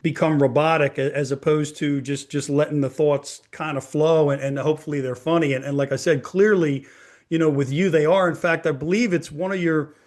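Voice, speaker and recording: A man with a fairly high voice, hosting a relaxed interview. He talks in loose, rambling sentences, often doubling his words, and laughs easily along with his guest. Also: brisk. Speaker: podcast host. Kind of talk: casual interview chat.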